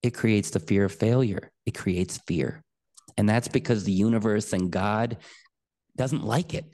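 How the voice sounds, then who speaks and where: A man speaking as a podcast guest, earnest and emphatic as he tells a personal story. His delivery is lively, and he leans into key words. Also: on the low side, a little slow. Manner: earnest, emphatic, animated retelling.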